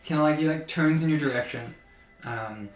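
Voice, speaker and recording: A man's voice: a little high, normal speed, roomy sound, soft background music, poor audio. A man running a tabletop game as game master, narrating loosely with lots of fillers. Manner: loose, full of fillers like "kinda, like".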